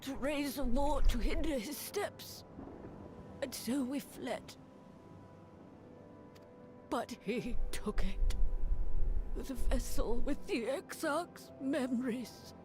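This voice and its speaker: A woman streaming a game reads the lines of a loyal young female guard captain in an earnest voice. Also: sits high. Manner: slow, earnest reading. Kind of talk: fan voice reading of game cutscene lines. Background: game music.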